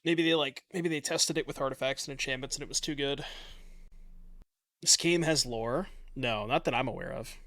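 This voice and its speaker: A man's voice: mid-range voice, moderate pace, fairly bright tone, no room sound, clean studio sound. A man giving casual commentary on his online card game, thinking aloud in a chatty, self-mocking way and swearing now and then.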